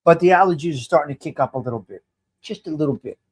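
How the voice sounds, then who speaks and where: Rambling, high-voiced man in his fifties. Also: animated, fast, breathy edge. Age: 50s. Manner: rambling, greets viewers by name, restarts sentences. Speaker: livestream host. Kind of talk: casual live-stream chat with viewers. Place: home.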